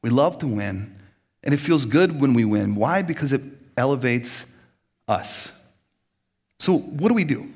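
A man's voice: mid-range voice, animated, unhurried, long pauses, darkish tone, slightly rough. A man in his forties from Minnesota, preaching a humorous sermon, joking and acting out little scenes as he goes.

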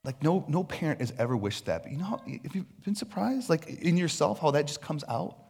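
A man's voice: fairly high pitch, big pitch swings, a little fast, creaky, darkish tone, slightly rough. A man preaching a sermon on stage in a loose, conversational way, acting out little voices as asides. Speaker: pastor. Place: on stage before a congregation.

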